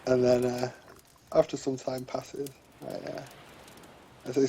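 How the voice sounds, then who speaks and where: A man's voice: medium pitch, monotone, unhurried, warm tone, slight background noise. A man playing a tabletop game, chatting in a laid-back, joking way. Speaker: player. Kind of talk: casual chat.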